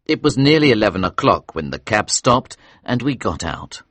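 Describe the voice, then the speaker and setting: A man reads a story aloud slowly and expressively for English learners. His voice is lowish and husky, with lively intonation. The recording is close and dry. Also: no echo. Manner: slow, clear and expressive.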